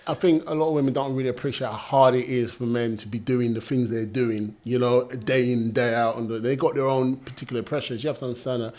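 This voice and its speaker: A man, a guest in a casual panel discussion, talking in a measured, earnest way full of "you know". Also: mid-range voice, fairly even intonation, darkish tone. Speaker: guest on a talk show.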